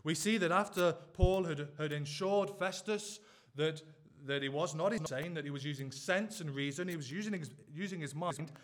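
A man's voice: a little high, moderate pace. Earnest preacher man pressing questions. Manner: earnest, driving rhetorical questions. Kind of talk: sermon.

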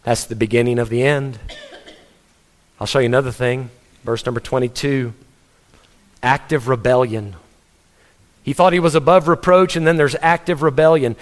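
A man's voice: medium pitch, moderate pace, long pauses. A man, a pastor, preaching a sermon in an emphatic way, asking the congregation questions and often repeating words as he presses his point.

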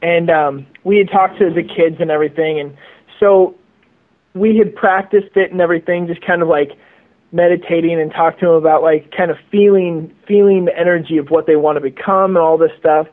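A man's voice: on the high side, steady tone, brisk. A man telling a story as a guest over the phone, rambling and repeating words. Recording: tinny phone line.

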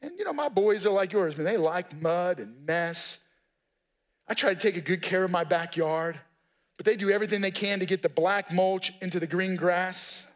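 High-voiced man preaching a casual sermon. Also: normal speed. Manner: conversational, folksy preaching with asides. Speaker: pastor.

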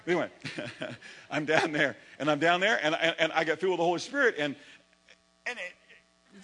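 A male pastor preaching a lively sermon and telling stories from his own life, sometimes acting out his younger self. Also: fairly high pitch, moderate pace, pauses often, rough recording. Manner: animated storytelling, acts out his own past voice.

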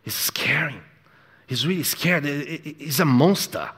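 A man preaching a sermon in an emphatic, repetitive way, moving between hushed and loud delivery. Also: a little high, animated, measured pace, breathy edge. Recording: echoey hall with long reverb.

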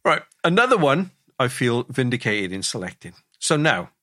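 A man's voice: medium pitch, big pitch swings, normal speed, bright, forceful tone, no echo, clean studio sound. A man hosting a casual film podcast, presenting mock awards with wry humour. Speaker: podcast host.

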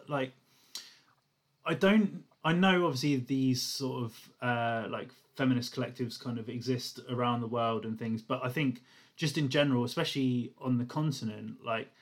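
Man asking long rambling questions. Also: mid-range voice. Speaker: interviewer. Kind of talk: casual interview.

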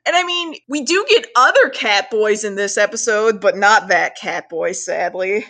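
Woman gushing through a cartoon recap, swears a lot, does little voices. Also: medium pitch. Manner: animated, swears, acts out lines in quick voices. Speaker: podcast co-host. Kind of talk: casual chat recapping an anime episode.

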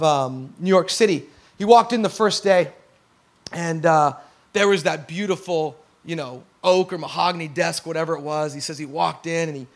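A man in his thirties preaching with a fairly high, light voice. He is animated and lively, acts out the people he quotes, and pushes up to near-shouts when he stresses a point. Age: 30s. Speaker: pastor. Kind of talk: sermon.

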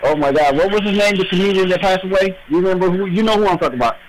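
Male caller, slightly high voice, halting rambler; faint noise on the call-in line. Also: low-quality recording. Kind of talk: casual phone-in call.

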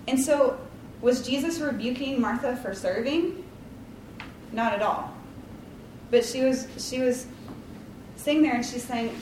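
A fairly high-voiced woman gives a casual devotional talk, rambling warmly through likes and ums with a self-deprecating touch. She sits back from the mic in a roomy, echoey space, with a faint hum of ambience behind her. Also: unhurried, pauses often, far from the mic. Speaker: Bible study leader.

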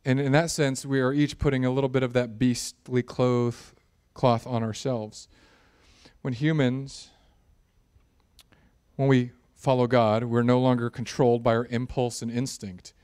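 A man preaching a sermon, animated and jokey, building in intensity at times. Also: medium pitch, measured pace, smooth. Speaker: pastor.

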